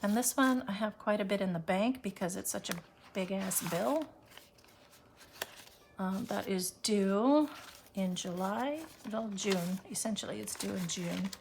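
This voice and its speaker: Lady counting cash out loud, gravelly fry, mutters numbers, little hiss behind. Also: mid-range voice, measured pace. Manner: counting bills aloud, often softly, with self-deprecating asides. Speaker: budgeting vlogger. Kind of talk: casual cash-stuffing vlog.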